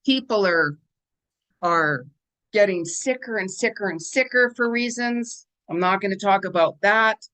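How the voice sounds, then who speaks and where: A woman's voice: medium pitch, a little slow, a bit bright. Chatty woman giving a spiritual forecast. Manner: chatty, rambling, emphatic repetition. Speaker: spiritual guidance channel host. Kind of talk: casual spiritual forecast monologue.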